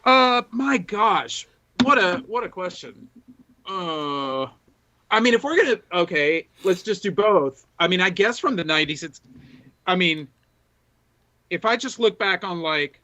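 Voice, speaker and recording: In lo-fi sound, the same kind of sports podcast co-host comes across as high-pitched and animated, with a bright, forceful tone at a measured pace. He sits at a desk mic reading chat from the screen, telling sprawling anecdotes with plenty of fillers and restarts during casual storytelling.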